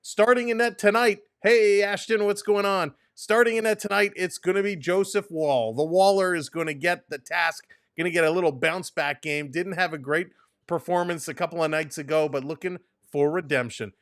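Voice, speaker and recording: A man's voice: sits high, fairly even intonation, normal speed, a bit bright, no echo, clean studio sound. A man hosting a live hockey watch-along stream, greeting chat viewers by name in an upbeat, casual way. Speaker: sports stream host.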